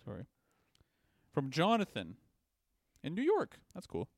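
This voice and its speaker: A man's voice: a little high, huge pitch swings, measured pace, creaky, no room sound, studio quality. A young man co-hosting a podcast in casual chat, rambling and crude, laughing often. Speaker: podcast co-host.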